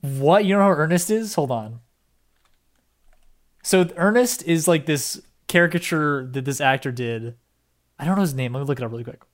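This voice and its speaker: Young male podcast co-host, excitable, rambling, casual cursing, relaxed chat. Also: medium pitch, normal speed, pauses often.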